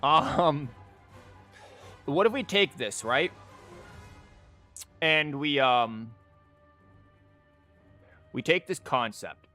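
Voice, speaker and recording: A man's voice: on the high side, lively intonation, extremely slow, pauses often, bright, forceful tone. Rambling casual male streamer. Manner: rambling, filler-heavy, full of "like" and restarts. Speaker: streamer and teacher. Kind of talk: casual live-stream chat while theorycrafting. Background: faint music.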